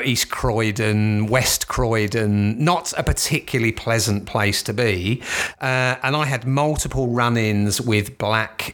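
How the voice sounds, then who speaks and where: A man's voice: fairly low pitch, a bit bright. A middle-aged man from England with a southeast London accent, giving casual, profane commentary as he flips through newspapers and rants at the stories. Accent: southeast London English. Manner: profane, ranting, dismissive.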